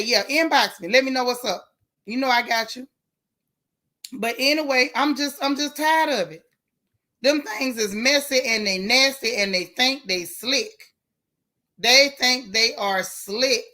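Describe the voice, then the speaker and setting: A woman hosting a casual live stream, reading viewer comments and giving outspoken, animated reactions in colloquial talk. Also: a little high. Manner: outspoken, animated, colloquial, talks back to the chat.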